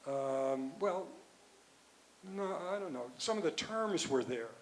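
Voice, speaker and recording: An older man, a physician and author, answering audience questions at a conference in a rambling, halting way with many restarts. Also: on the high side, expressive, a little hiss or hum, poor audio. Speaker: guest speaker, physician and author.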